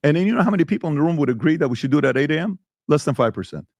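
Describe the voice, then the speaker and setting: A man's voice: a little high, animated, rapid-fire, creaky, a little mellow, no room sound. A male podcast host in a heated debate, talking emphatically and firing rhetorical questions.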